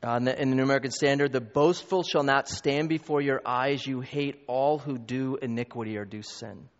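A man preaching a sermon as pastor, emphatic and building to loud peaks, with quick asides to the congregation. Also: medium pitch, steady tone. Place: church hall. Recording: long reverb, dull lo-fi.

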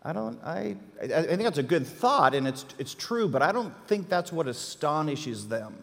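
A man teaching an interactive Bible class, animated and quizzing his listeners with questions. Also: fairly high pitch, moderate pace, creaky, big-room sound.

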